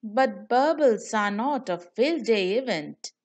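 A woman doing a young storybook teacup boy, sulky and bouncy, high and very slow. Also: animated, darkish tone. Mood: childlike.

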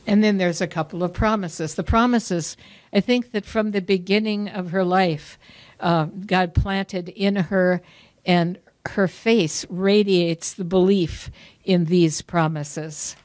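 A woman pastor reading scripture at a memorial service, in a slow and measured way. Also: on the low side, steady tone, a little mellow, dry recording.

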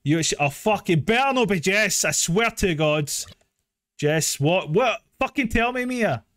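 A man, casually commentating a live game, excitable, swearing and laughing often. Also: high-pitched, a little slow, dry recording. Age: 30s. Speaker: streamer.

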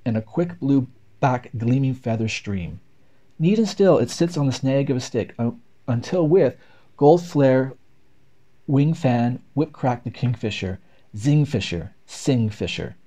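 A man reads nature poems aloud with rhythmic, expressive delivery. His mellow, dark tone rises and falls in lively swings. The pace follows the beat of the verse. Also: mid-range voice. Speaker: reader. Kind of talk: poetry read aloud.

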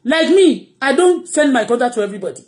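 Fast, high-voiced Nigerian woman ranting. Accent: Nigerian Yoruba. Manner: excitable, switching between English and Yoruba, bursts of shouting and laughter. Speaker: blogger hosting a live stream. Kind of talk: animated live-stream rant.

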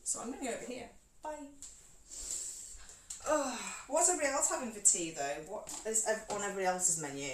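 A woman's voice: mid-range voice, fairly quick, long pauses. A woman chatting to her live-stream viewers while she cooks at home, joking about herself as she moves around the kitchen. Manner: chatty and self-mocking, talks to viewers while moving around. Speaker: cooking streamer. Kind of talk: casual live-stream chat while cooking. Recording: roomy kitchen, far from mic, background noise.

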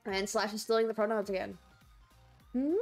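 A woman streamer chatting casually with her viewers during a game livestream, rambling and excitable, quick to shriek and laugh. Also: mid-range voice, faint music behind.

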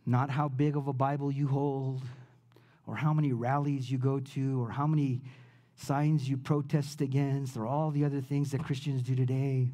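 A man preaching a sermon as pastor, telling the story in a casual way with slang, rising loud and dropping to a hush. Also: mid-range voice, flat delivery, moderate pace.

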